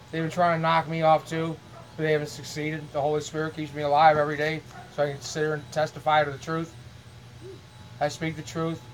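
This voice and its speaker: Middle-aged man vlogging from his home: high, monotone, aggrieved, restarting his sentences as he goes. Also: a little hiss or hum, rough recording. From Illinois, US. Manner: repeats words, restarts, aggrieved. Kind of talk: rambling monologue to camera.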